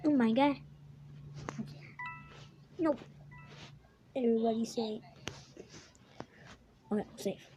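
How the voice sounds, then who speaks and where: A young woman giving excitable gameplay commentary, gasping and exclaiming at what happens in the game. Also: a little high, slow, pauses often, a little hiss or hum, poor audio. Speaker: gaming YouTuber.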